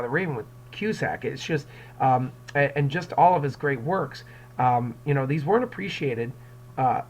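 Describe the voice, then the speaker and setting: A man's voice: medium pitch, a little hiss or hum, rough recording. A male English teacher giving a casual recorded lecture, rambling with many fillers and repeated words, and acting out quotes with raised voices.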